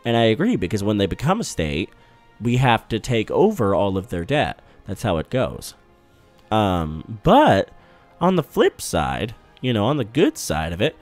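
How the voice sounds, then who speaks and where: A man's voice: on the low side, very animated, measured pace. Chatty young man narrating a strategy game. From United States. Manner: loose, swearing, chatty thinking aloud. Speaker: gaming YouTuber. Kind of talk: strategy game let's play commentary. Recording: game music in the background.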